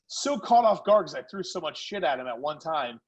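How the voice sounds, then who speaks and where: A man who founded a food company, a podcast guest telling animated stories in casual chat. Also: a little high, moderate pace, husky, muffled recording. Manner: animated, lively storyteller. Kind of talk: casual storytelling.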